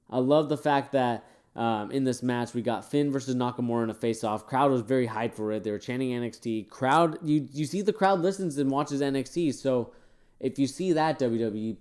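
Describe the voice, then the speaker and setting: A man's voice: mid-range voice, darkish tone. A tired man talks through a wrestling event in casual, rambling commentary. He is opinionated and wanders off track, with frequent fillers along the way. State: tired, yawning. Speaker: wrestling show reviewer.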